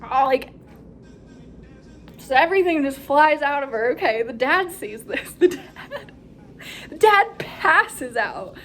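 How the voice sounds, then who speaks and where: A young woman, a nursing student, excitedly retelling a hospital story in a casual vlog, full of "like" and acted-out quotes. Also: high-pitched, unhurried, slight background noise. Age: young adult. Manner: animated, breathless retelling with frequent "like" and quoted voices.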